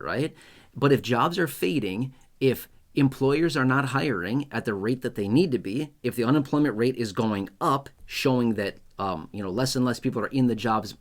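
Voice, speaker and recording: A man hosting his own video channel, talking straight to his viewers in a chatty, repetitive and emphatic way. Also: medium pitch. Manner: chatty, repetitive, emphatic, acts out skits in raised voice. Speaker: YouTube host. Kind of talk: casual direct-to-camera talk.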